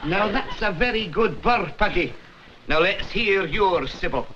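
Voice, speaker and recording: A man's voice: high-pitched, lively intonation, unhurried. A middle-aged man playing a dry, teasing husband and father in a 1960s sitcom. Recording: dull 1960s TV soundtrack with hiss.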